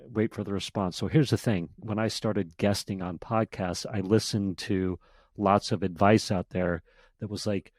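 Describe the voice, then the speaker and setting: Low-voiced man chatting as a podcast guest. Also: moderate pace, no room sound. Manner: animated storytelling, acts out emails in quotes. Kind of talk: casual interview chat.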